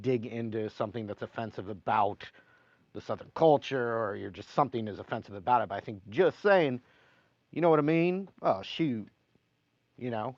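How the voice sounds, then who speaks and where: A man's voice: mid-range voice, no room sound. Chatty man teaching guitar on a live stream. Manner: chatty, reads viewer comments aloud between playing. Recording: slightly dull sound with guitar playing.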